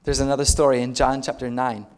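A man's voice: medium pitch, flat delivery, quick pace, a little mellow. A male pastor preaching a sermon, retelling stories in a conversational way and putting rhetorical questions to the congregation.

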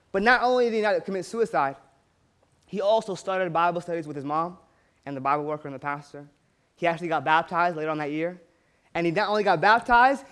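A man preaching a sermon, telling stories and calling out for amens from the congregation. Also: high-pitched. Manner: storytelling preaching with frequent call-outs for amen. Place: church.

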